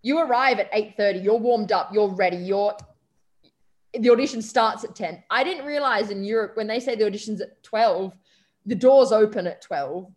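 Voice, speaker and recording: A woman's voice: mid-range voice, normal speed. A young Australian woman telling a story as an interview guest, chatty, acting out the voices of the people she quotes. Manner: lively anecdotes, acts out quoted voices, frequent "um" and "like". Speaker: interview guest, stage performer. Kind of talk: casual storytelling.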